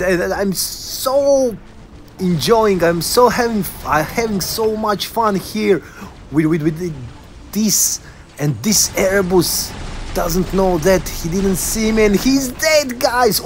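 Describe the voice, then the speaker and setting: A man giving excited commentary on his own online game at home, laughing often and talking to his viewers. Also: sits high, a little hiss or hum. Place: at home, son in the room.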